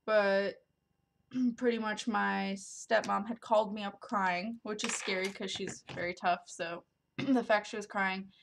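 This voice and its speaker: A woman's voice: mid-range voice, fairly even intonation, unhurried, gravelly, slight background noise. A woman vlogger telling a story to camera in a casual, rambling way, with lots of ums and likes. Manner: rambling, filler-heavy, many ums and likes.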